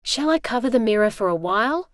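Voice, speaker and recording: A man's voice: extremely high pitch, animated, quick pace, fairly bright tone, smooth, dry recording. A smug, scheming male librarian, falsely polite and oily, as a synthetic female voice reads him. Dry, close sound.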